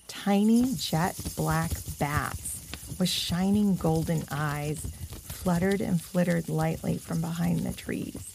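A woman narrating a children's storybook in a gentle, expressive way. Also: on the low side, vocal fry, slight background noise. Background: music.

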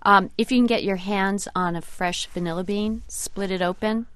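A woman's voice: medium pitch, fairly even intonation, moderate pace, fairly bright tone, clear, resonant tone, dry recording. Woman chef, radio guest, thoughtful and hesitant, dry studio sound. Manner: thoughtful, hesitant, many fillers and restarts. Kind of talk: radio interview chat.

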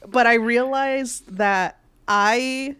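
A woman's voice: a little high, drawn-out words, fairly bright tone, smooth, dry recording. Hesitant woman chatting on a podcast. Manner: hesitant, many ums, laughing. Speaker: podcast co-host. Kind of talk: casual chat.

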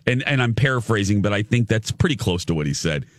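A male show host with a lowish voice, talking in a casual, gushing way as he tells a story. The sound is dry and close, with no room echo. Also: lively intonation, fast talker. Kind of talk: casual chat.

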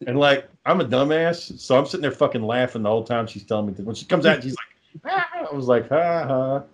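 A man's voice: mid-range voice, quick pace, slightly rough. A man telling rambling, profane stories in casual chat, laughing as he goes.

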